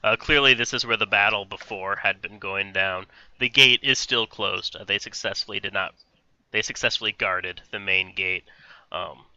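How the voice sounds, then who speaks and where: A man running a tabletop game as game master, setting scenes in a casual, halting way. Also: fairly low pitch, pushed and bright, no echo. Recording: dull lo-fi recording.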